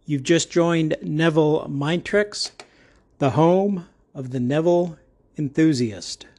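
A man's voice: fairly high pitch, slow pace, darkish tone, a little hiss or hum. A man hosting a podcast, talking in a casual monologue with jokey, rambling asides. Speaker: podcast host.

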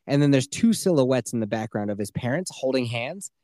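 Laid-back man with a mellow voice. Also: mid-range voice, animated, brisk, no room sound, clean studio sound. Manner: loose, swearing, quotes characters in his own voice. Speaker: podcast co-host. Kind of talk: casual chat, retelling a video game story.

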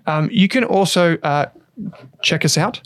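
A man's voice: fairly high pitch, measured pace, dry recording, studio quality. A man co-hosting an investing podcast in casual, chatty talk with loose fillers. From Australia. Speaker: podcast co-host. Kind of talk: casual chat.

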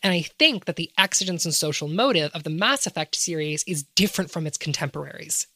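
A woman's voice: sits low, expressive, a little fast, sharp tone, no room sound. A woman talking through an idea in an academic way, asking rhetorical questions as she explains. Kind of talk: casual analytical discussion.

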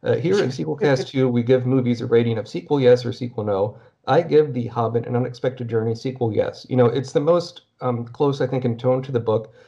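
A male podcast host chatting casually at a middle pitch. He rambles and breaks off sentences. The recording sounds dull and lo-fi. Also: brisk, gravelly, few pauses, mellow. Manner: rambling, self-interrupting, chatty. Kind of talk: casual chat.

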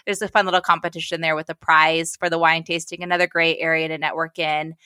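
Woman, podcast guest, upbeat, chatty, lowish voice, dry close sound. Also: level tone, quick pace, pushed and bright, clear, resonant tone, dry recording. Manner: upbeat, chatty, frequent "uh" fillers. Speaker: events director, podcast guest. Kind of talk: casual podcast conversation.

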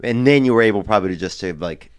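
A man hosting a podcast in casual chat who speaks softly and haltingly, often trailing off. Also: lowish voice, animated, no echo. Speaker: podcast host.

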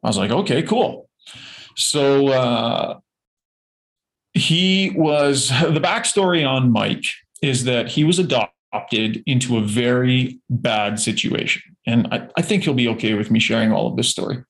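A man, a former hockey player, telling a personal story in a relaxed, chatty way during an interview. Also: mid-range voice, unhurried, poor audio. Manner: relaxed, storytelling, acts out quotes.

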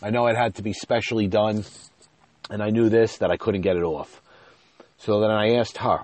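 A man hosting his own podcast, telling a rambling, self-deprecating story full of "you know," his voice jumping up and getting loud when he retells an argument. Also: lowish voice, steady tone, moderate pace, no room sound. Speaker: podcast host. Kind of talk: casual storytelling monologue. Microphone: podcast mic.

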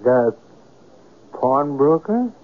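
Brief: writer telling his own story in a radio play, slow and measured, phone-thin lo-fi audio. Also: medium pitch, big pitch swings. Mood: wry. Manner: measured storytelling, wry and evasive in talk. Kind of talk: 1970s radio drama acting. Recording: lo-fi old radio broadcast with faint hiss.

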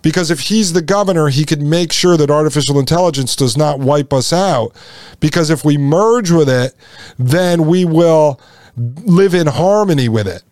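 A man's voice: on the high side, normal speed, darkish tone, no room sound, clean studio sound. A man hosting a political commentary podcast, emphatic and repetitive, often calling his listeners folks. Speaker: podcast host.

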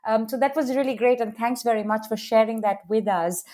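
A woman's voice: a little high, a little fast, mellow. A woman interviewing a guest, speaking casually with fillers like "sort of" and "like". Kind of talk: interview questions.

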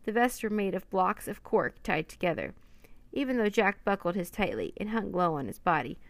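A woman's voice: mid-range voice, lively intonation, normal speed, no room sound. A woman narrating a children's storybook aloud, voicing each character herself. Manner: reads every character in lightly raised voices.

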